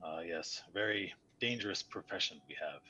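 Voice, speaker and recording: A man voicing a formal, measured cleric from a distant land. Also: low-pitched, pushed and bright, husky, full character voice. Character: grave middle-aged male cleric, formal and measured.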